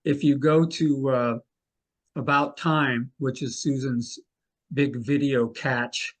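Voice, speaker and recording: An older man, a mentalist guest in an interview, telling anecdotes with lively delivery and acting out what others said. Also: mid-range voice, slow. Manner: animated, acts out the people he quotes.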